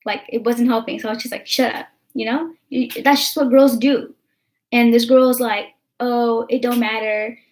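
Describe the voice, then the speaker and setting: A woman's voice: a little high, fairly even intonation, moderate pace. A young American woman vlogging in casual chat, rambling with lots of fillers and swearing.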